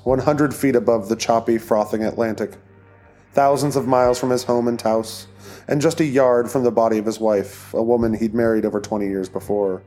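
A man's voice: mid-range voice, warm tone. Man narrating an audiobook.

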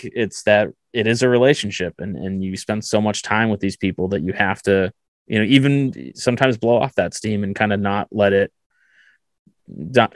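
Man, podcast host, low voice, relaxed self-deprecating storytelling, dry close sound. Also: no echo. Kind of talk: casual storytelling chat.

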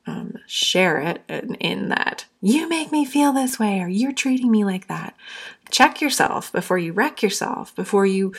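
A young woman talks earnestly on her podcast, her low voice full of gravelly fry. She speaks openly and warmly to the listener and is at times close to tears. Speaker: podcast host. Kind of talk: heartfelt solo podcast talk.

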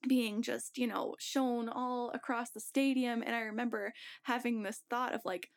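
A woman's voice: on the high side, fairly even intonation, moderate pace. A young woman casually telling a story on a podcast, laughing often and acting out the voices she quotes.

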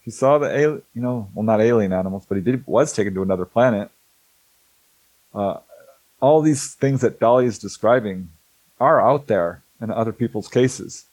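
A middle-aged man telling stories in a casual, animated way, acting out the people he quotes and laughing often. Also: lowish voice, moderate pace, dry recording, low-quality recording. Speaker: host, author on alien abduction cases. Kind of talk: casual storytelling talk.

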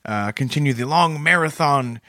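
A man co-hosting a comedy podcast in earnest, mild banter with a quick chuckle. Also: fairly high pitch, sharp tone, no echo, clean studio sound. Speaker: podcast co-host.

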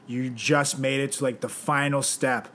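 A man's voice: medium pitch, fairly even intonation, moderate pace, fairly bright tone. A man hosting a podcast in casual chat, joking and rambling with lots of fillers. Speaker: podcast host.

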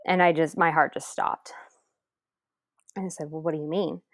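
A woman with a fairly low voice tells a personal story in an interview, earnest and emotional. She slips into quoting other people as she goes. The sound is dry and close, with no room around it. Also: steady tone, normal speed, no room sound. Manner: earnest, re-enacts others' words. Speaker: interview guest.

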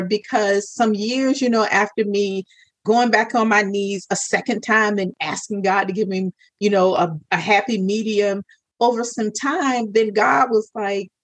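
A woman shares her personal story of faith as a podcast guest, speaking earnestly and voicing her own past prayers. Her voice sits at a middle pitch. The sound is dry and close, with no room echo. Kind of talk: personal testimony in an interview.

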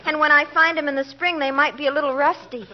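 A woman's voice: high-pitched, steady tone, fast, close to an everyday voice. An actress playing a polite, naive young woman in a 1940s radio comedy, sweetly apologetic and guileless. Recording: muffled 1940s radio broadcast with hiss.

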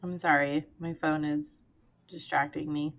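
A woman's voice: sits low, flat delivery, unhurried, a bit bright. Woman podcast co-host, chatty, casual book talk, quotes lines dramatically. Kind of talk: casual book discussion chat.

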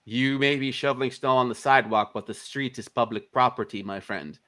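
A man's voice: medium pitch, a little fast. A man, an indie filmmaker being interviewed, telling a long anecdote in casual, profane speech and acting out the other people's lines. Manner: animated, profane, acts out quoted dialogue.

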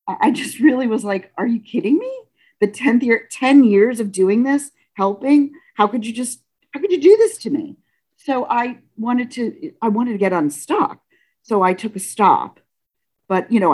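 A woman telling a personal story in a casual, halting way, with restarts, acting out what people said with big jumps in pitch. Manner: animated, acts out dialogue with pitch leaps; halting, frequent restarts and self-corrections.

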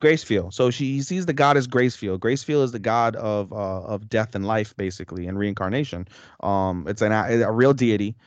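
A man's voice: on the low side, a little fast, no room sound, dull audio. A young man co-hosting a podcast, rambling through an anime plot recap with lots of swearing and fillers. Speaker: podcast co-host. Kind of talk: casual anime review chat.

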